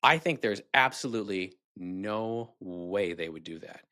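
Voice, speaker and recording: A man's voice: lowish voice, lively intonation, a little slow, sharp tone, dry recording, clean studio sound. A man hosting a video, giving sarcastic, rambling, critical commentary. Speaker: video host. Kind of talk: casual commentary.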